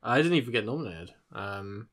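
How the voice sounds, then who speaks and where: Bright-voiced man in casual chat. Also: lowish voice, lively intonation, fairly quick. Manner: laid-back, offhand, casual swearing. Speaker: podcast co-host going through award results.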